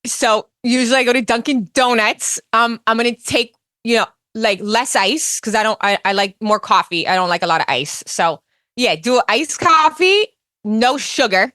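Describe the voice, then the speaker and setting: A woman putting on a brash, excitable middle-aged woman with a New Jersey accent, talking in a nasal, rambling way with drawn-out pauses. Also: on the high side, no room sound, clean studio sound. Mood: rambling chatty.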